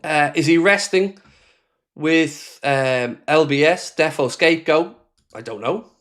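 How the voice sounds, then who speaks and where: A man's voice: fairly high pitch, slow, a bit bright. An Irishman hosting a live football fan reaction stream, ranting angrily, swearing and reading viewer comments aloud. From Ireland. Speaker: fan channel host.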